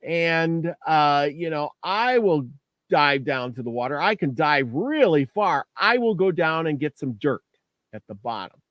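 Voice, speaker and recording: A man voicing a boastful male loon in a spoken legend, talking slowly. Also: a little high, lively intonation, no echo, muffled recording.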